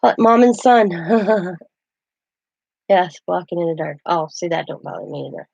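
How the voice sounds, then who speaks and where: Woman, craft host, gravelly voice, rambling casual chat, dull dry lo-fi sound. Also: on the low side, expressive, measured pace, darkish tone, dry recording. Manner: chatty and rambling, talks to live chat.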